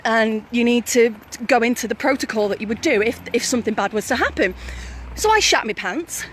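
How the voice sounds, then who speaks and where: A woman's voice: on the high side, a bit bright. A young woman telling stories to her live viewers in a chatty way, often breaking into laughter. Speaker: vlogger. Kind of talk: casual live-stream storytelling.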